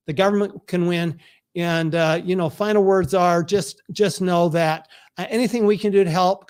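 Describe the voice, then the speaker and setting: A man's voice: sits high, darkish tone. A man hosting the live online launch of his own book, talking earnestly and answering viewers' comments over a video call setup.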